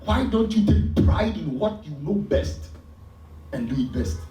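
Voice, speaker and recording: A man with a Ghanaian accent preaching a sermon as pastor, with sudden loud emphasis. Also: a little high, big pitch swings, measured pace. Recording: echoey church hall from far off.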